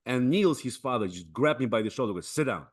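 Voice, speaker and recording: A man hosting a podcast, telling stories in a lively, casual way. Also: medium pitch, fast. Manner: lively storytelling. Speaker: podcast host.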